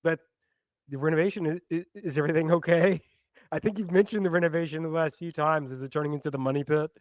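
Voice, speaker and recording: A man's voice: on the high side, steady tone, fast, dry recording, clean studio sound. A man co-hosting a casual podcast, teasing and joking with his co-host.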